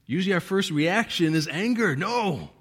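A man's voice: medium pitch, moderate pace, fairly bright tone. A male pastor preaching a sermon, reading scripture with strong emphasis and chuckling now and then.

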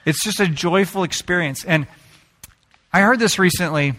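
A man preaching a sermon, telling stories in an animated way and joking with the congregation. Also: high-pitched, moderate pace. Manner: animated storytelling, jokes with the congregation. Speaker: pastor.

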